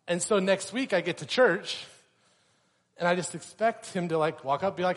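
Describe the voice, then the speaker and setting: A young man preaching a sermon, telling a personal story with animated, acted-out quotes. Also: a little high, moderate pace. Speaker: pastor. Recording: reverberant hall.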